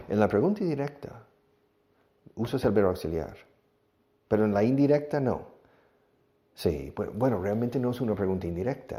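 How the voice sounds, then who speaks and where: Male English teacher, animated pitch, mellow tone, acts out drill dialogues. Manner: animated, switches between teacher and pupil voices in drills. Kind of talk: classroom lesson, acting out question-and-answer dialogues.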